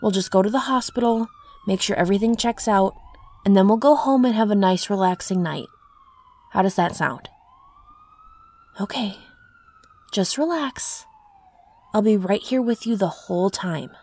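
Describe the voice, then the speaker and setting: A young woman voicing a caring girlfriend in an audio role-play, talking softly and reassuringly to her partner. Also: mid-range voice, brisk, natural voice. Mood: soothing. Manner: soft, reassuring, tender.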